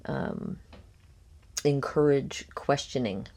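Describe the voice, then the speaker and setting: A woman hosting a reaction commentary, picking apart a podcast clip in a critical, speculative way with frequent ums and pauses. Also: a bass voice, creaky, warm tone. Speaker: commentary host.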